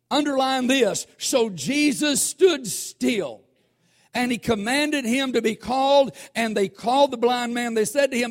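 A high-pitched man delivers a sermon. He is animated and keeps asking the congregation questions, then slows down to stress the scripture. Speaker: preacher.

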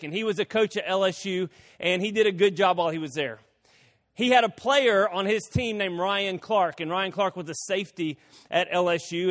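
A male pastor preaching a sermon, telling stories with quick folksy asides. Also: sits high, a bit bright. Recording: long reverb of a hall.

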